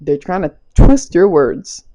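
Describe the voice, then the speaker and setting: A woman's voice: on the low side, very animated, slow pace, warm tone. Young woman giving a loose, playful tarot reading. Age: young adult. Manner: loose and playful, swears, slang, laughs often. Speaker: tarot reader. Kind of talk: casual spiritual reading.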